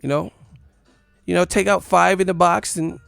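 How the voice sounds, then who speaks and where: A man's voice: sits high, steady tone, vocal fry, fairly bright tone, dry recording, soft background music, voice pushed up, full character voice. A man doing a ditzy young pageant contestant. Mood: mock preachy. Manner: exaggerated, mocking, drawn-out.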